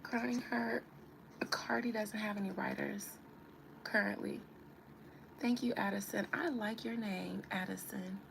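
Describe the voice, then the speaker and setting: A woman's voice: medium pitch, fairly even intonation, a little slow, vocal fry, long pauses, a little hiss or hum, low-quality recording. A woman giving a casual live-stream reading, chatting and teasing as she answers viewer comments. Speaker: tarot reader on a live stream.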